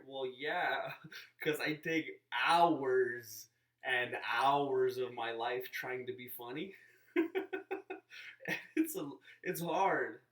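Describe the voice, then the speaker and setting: A man's voice: mid-range voice, extremely slow, fairly bright tone, far from the mic. Rambling man vlogging, roomy sound. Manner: rambling, self-interrupting, playfully mimics others. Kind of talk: casual vlog monologue. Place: inside a parked car.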